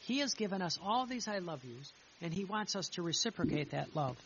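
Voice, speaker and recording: A man's voice: sits high, big pitch swings, a little fast, gravelly, fairly bright tone. A man, a priest, giving an earnest sermon, reading passages aloud and then explaining them with frequent restarts and repetitions. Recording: slightly dull with faint hiss.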